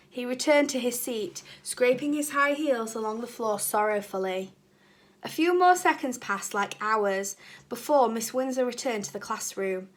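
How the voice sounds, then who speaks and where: Higher-voiced teacher reading a storybook aloud. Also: female voice. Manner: chatty asides to the children. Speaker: primary school teacher. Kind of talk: reading a children's book aloud.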